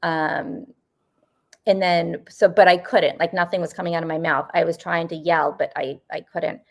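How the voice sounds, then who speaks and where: Telling stories in a relaxed interview, this paranormal investigator, a Northeastern US woman in her fifties, speaks in a lowish, level voice. She rambles, filling her speech with "you know" and "like," and laughs frequently.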